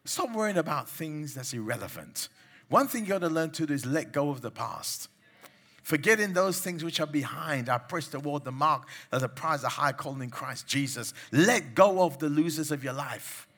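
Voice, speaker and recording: A man's voice: a little high, lively intonation, moderate pace, fairly bright tone, husky. A man preaching a sermon, exhorting his listeners with emphatic commands and mimicking the people he mocks.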